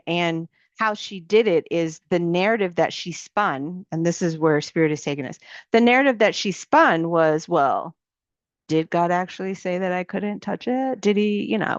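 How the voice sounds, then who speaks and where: Lower-voiced woman giving a faith talk. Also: no echo. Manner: conversational, repeats key phrases, acts out inner thoughts. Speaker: ministry coach. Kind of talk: faith-based teaching talk. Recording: dry, dull lo-fi sound.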